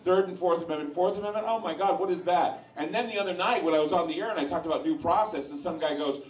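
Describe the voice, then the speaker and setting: A man's voice: sits high, quick pace, a little hiss or hum. Man, blunt opinionated talk, crude asides, roomy echo, voice far from mic, live bar crowd. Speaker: radio host speaking to a live audience. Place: sports lounge in front of an audience. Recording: echoey room, voice far from mic.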